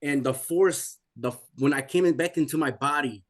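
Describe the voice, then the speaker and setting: A man's voice: fairly high pitch, normal speed. Intense man in his forties. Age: 40s. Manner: intense, repetitive, rising to pleading. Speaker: guest telling his testimony. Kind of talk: emotional personal testimony.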